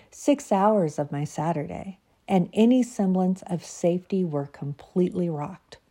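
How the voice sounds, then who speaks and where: A woman podcast host reading her own reflective devotional piece aloud in a soft, unhurried way, then chatting casually with listeners. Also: lowish voice.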